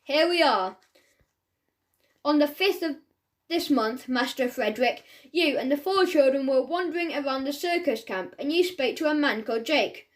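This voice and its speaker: A woman's voice: high-pitched, animated, moderate pace. A woman voicing a pompous, suspicious middle-aged village policeman who blusters and bosses in a children's audiobook. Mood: stern. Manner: blustering, bossy, drops grammar.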